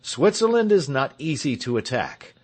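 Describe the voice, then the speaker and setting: A man's voice: mid-range voice, big pitch swings, normal speed. A man reading the part of William Tell, a resolute heroic marksman, in a stirring, declamatory way for an audiobook. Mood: rousing.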